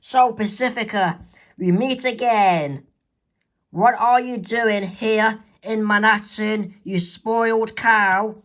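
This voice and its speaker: A man voicing an excitable, sassy young girl in a homemade comic reading. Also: high voice, takes it slowly, pitched above the performer's own voice. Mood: excited. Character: Mabel, excitable bubbly girl.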